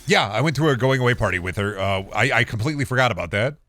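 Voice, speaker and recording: A married man streaming a video game, rambling sarcastically and insisting in mock calm that he is not mad. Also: mid-range voice, rapid-fire, faint music behind. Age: adult, married. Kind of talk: casual gameplay chat.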